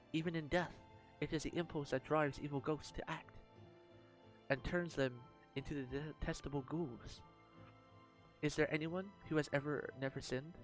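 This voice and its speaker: A man reading the lines of a young girl turned cruel dark goddess, in his own plain voice. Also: a little high, natural voice.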